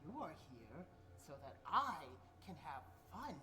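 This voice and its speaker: A woman's voice: low-pitched, very animated, measured pace, sharp tone, soft background music, exaggerated voice. A woman voicing an unhinged young man with a knife in a game, swinging between cheerful and threatening. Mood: gleeful menace. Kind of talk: game character voice acting.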